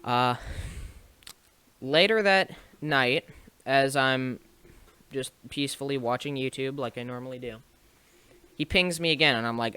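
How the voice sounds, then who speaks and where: A man's voice: mid-range voice, unhurried, pauses often, pushed and bright, clear, resonant tone. A young man telling a casual story to camera, rambling with restarts and small laughs. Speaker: streamer and video maker.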